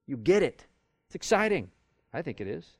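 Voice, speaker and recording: A man's voice: fairly high pitch, big pitch swings, moderate pace, no echo, studio quality. A man teaching a Bible study class in a conversational way, acting out quoted arguments as he goes. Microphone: recorded for audio with a live class.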